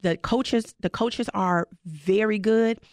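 A woman who is a high school football head coach, talking passionately and emphatically in an interview. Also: slow, darkish tone, dry recording. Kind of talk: casual interview talk.

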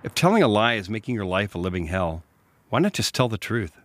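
A man hosting and narrating a true-crime report, telling the story in a measured, matter-of-fact way and putting questions to an interviewee. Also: lowish voice, very animated, a little hiss or hum. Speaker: podcast host and reporter.

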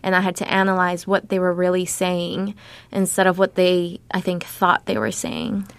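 A woman in her thirties, originally from Nicaragua, telling personal stories as an interview guest in a casual way, full of fillers and quick laughs. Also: fairly low pitch, level tone, creaky, smooth. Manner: casual, frequent fillers, laughs between thoughts. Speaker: guest writer.

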